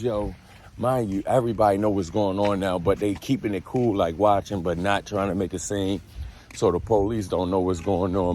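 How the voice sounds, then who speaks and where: A young adult man from the United States telling prison stories in a casual, animated, slangy monologue, jumping up high to act out what people said. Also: a little hiss or hum. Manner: animated, slangy, acts out quotes in a higher voice. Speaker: storyteller.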